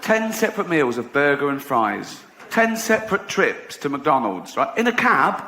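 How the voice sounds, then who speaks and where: A man's voice: mid-range voice, very animated, unhurried, pushed and bright, a little hiss or hum. An English man doing stand-up comedy, sardonic and profane, laughing at his own jokes.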